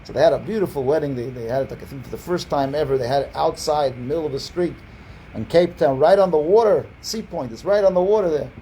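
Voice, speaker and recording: A man with a fairly high, mellow voice talks fast while teaching as a rabbi over an online video call, rambling through a storytelling lesson with frequent repeats and restarts. He raises his voice when quoting people. The low-quality recording carries a slight hiss or hum.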